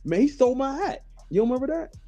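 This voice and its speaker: Male host, casual storyteller who swears and does the voices; warm tone, light music bed. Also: extremely high pitch, big pitch swings, fast talker. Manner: storytelling, swears freely, acts out quotes. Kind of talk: casual chat.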